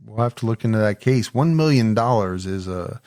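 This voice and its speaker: A man co-hosting a podcast in casual, chatty conversation, easygoing and quick to laugh. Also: on the low side, lively intonation, a little mellow. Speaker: podcast co-host. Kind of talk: casual chat.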